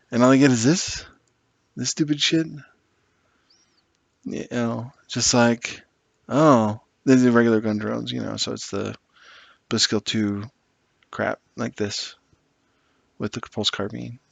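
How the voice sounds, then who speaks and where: A man's voice: mid-range voice, fairly even intonation, measured pace, vocal fry, pauses often, dry recording. A man rambling sarcastically and with exasperation as he builds a tabletop wargame army list, swearing now and then. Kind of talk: casual commentary while building an army list.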